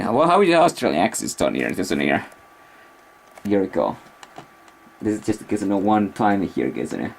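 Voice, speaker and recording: A man with a fairly low voice talks loosely to the camera in a casual vlog. He wanders from thought to thought, stopping and restarting as he searches for words. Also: big pitch swings, fairly quick, vocal fry, pauses often, slight background noise. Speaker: vlogger. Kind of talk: rambling casual vlog talk.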